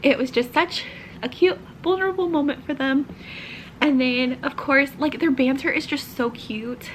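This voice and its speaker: A young woman chats excitedly about her current read, her voice set a little high. She gushes and often slips into soft, half-whispered asides. A faint hiss of room noise sits underneath. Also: moderate pace, low-quality recording. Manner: gushing, chatty, drops to half-whispered asides. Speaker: book vlogger. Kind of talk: casual reading-vlog chat.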